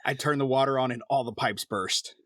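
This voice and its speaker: A middle-aged man on a casual podcast, wry and deadpan in his jokes. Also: medium pitch, fairly quick, dry recording, clean studio sound. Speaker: podcast co-host. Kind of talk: casual chat.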